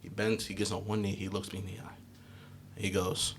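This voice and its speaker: A man's voice: deep voice, a little fast, slight background noise. A young man co-hosting a podcast, telling stories in casual chat and acting out the voices of people in them while swearing freely. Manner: animated storyteller, swears freely, acts out voices. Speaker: podcast co-host.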